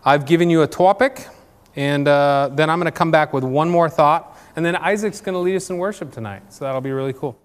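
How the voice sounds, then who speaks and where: A man leading an informal church group talk, posing questions and filling gaps with ums and restarts. His voice sits fairly high for a man. A long reverb trails each phrase in the hall. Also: brisk, clean tone. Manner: conversational, many fillers and restarts, asks questions.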